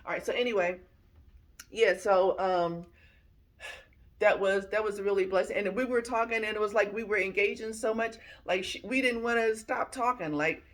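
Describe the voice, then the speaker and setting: A woman's voice: mid-range voice, normal speed. A woman in her fifties, a military retiree, telling personal stories in a casual vlog, with slang and acted-out bits of dialogue. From Philadelphia, US. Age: 50s.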